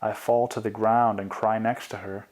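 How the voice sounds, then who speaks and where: Male author-narrator, slightly low voice, quiet and confessional audiobook reading. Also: flat delivery, normal speed.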